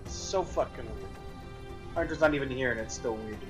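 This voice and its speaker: A man's voice: medium pitch, normal speed, music in the background, rough recording. A young man streaming a game in casual chat, swearing a lot and rambling with repeated restarts. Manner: profane, rambling, repeats himself. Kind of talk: casual chat while gaming.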